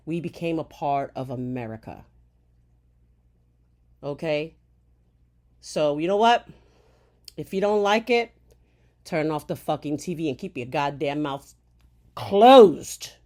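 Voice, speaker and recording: Furious and swearing, this commentator from Puerto Rico vents straight to camera. She throws out rhetorical questions capped with "okay?" and swings between shouting and quiet, bitter muttering.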